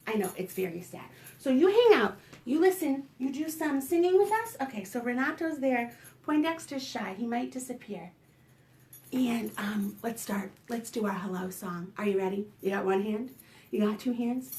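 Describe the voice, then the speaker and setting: A woman children's librarian leading a preschool storytime, singing and talking to small children in an animated sing-song way. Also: high-pitched, normal speed, roomy sound. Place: home, recorded for online storytime.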